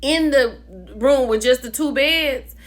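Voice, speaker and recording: A woman vlogger recapping a reality show in a casual gossip style, animated, calling viewers "baby" and "child". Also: sits high, slow pace. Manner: animated storyteller, calls viewers "baby" and "child", laughs often.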